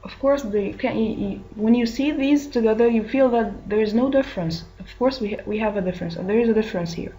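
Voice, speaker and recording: A woman's voice: a little high, fast talker, few pauses, dark tone, highs cut off, a little hiss or hum. Egyptian woman teaching English, patient. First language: Arabic. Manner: patient, repeats answer options and glosses words in Arabic. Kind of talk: recorded English lesson.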